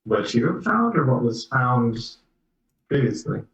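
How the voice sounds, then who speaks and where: A man playing a tabletop game, speaking in character with measured, scholarly phrasing. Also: medium pitch, big pitch swings, recorded from a distance, lo-fi sound. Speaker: player. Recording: echoey room away from the mic.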